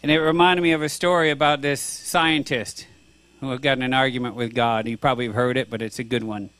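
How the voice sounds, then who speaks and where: A man's voice: mid-range voice, fairly even intonation, brisk, a bit bright, clear, resonant tone, no echo. A man preaching a sermon to a congregation, earnest and conversational, with frequent restarts. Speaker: pastor.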